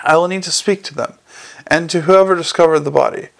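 A man playing an earnest young watch captain in an audiobook, always courteous but firm when pressed. The voice is slightly high with a gravelly grain. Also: a little fast. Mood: polite, firm.

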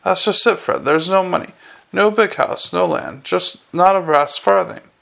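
A man's voice: sits high, moderate pace, gravelly, a bit bright, voice pushed up, full character voice. A man voicing a scruffy, self-pitying corporal who moans about his lot. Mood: woeful. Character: scruffy male corporal, whiny and put-upon.

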